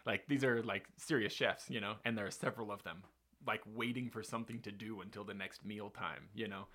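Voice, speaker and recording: A man's voice: lowish voice, a little fast. Guy rambling through a story on his podcast, lots of likes and restarts. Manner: rambling, animated, many fillers and restarts. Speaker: podcast host telling a story. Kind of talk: casual storytelling chat.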